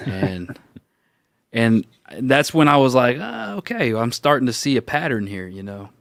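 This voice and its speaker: A man of middle pitch tells a story in an easy, casual way and acts out the lines of the people in it. The mic is close and the room is dry, with no echo. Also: unhurried. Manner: animated storyteller, acts out quoted voices, laughs often. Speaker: roundtable co-host.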